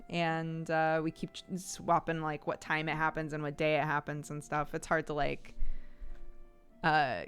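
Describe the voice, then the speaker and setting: A woman's voice: sits low, fairly bright tone, smooth. A young woman streamer in casual live-stream chat, chatty and upbeat, thinking aloud while she sets things up.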